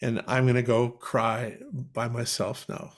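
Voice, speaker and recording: A man speaking as guest author on a webinar video call, moved and tearing up, talking haltingly with restarts. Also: medium pitch, flat delivery. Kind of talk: webinar talk.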